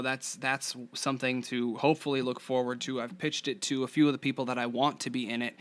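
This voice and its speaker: A man talks through his own podcast in a loose, rambling way, full of fillers, restarts and asides. His voice sits at an ordinary middle pitch for a man. Later he reads scene directions from a screenplay in the same plain voice. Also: a bit bright. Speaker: podcast host. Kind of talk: casual solo podcast talk, then reading a screenplay aloud.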